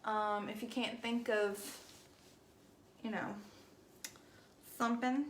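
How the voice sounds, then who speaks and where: A woman's voice: fairly high pitch, steady tone, slow pace, roomy sound, slight background noise. A woman from Alabama with a Southern accent, chatting casually on a livestream as she paints and answers viewer comments in a folksy way. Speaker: craft livestream host.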